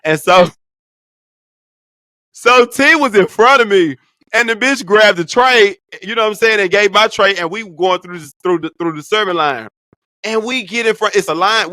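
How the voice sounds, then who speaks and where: High, bright-voiced man telling stories. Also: moderate pace, dry recording, clean studio sound. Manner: profane, animated storytelling. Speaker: vlog host. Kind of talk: casual storytelling vlog.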